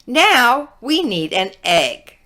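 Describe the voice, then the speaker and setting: A woman voicing a patient farm mother in a children's storybook, speaking calmly. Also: a little high, extremely slow, exaggerated voice.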